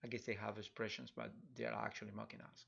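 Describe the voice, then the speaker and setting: A man's voice: fairly low pitch, very animated, fast talker, creaky, fairly bright tone, slightly rough. A middle-aged man with a Spanish accent, chatting casually and rambling with chuckles while streaming a drawing tutorial. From Spanish-speaking country. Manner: rambling, chuckling, many restarts and fillers. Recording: dull lo-fi live-stream audio.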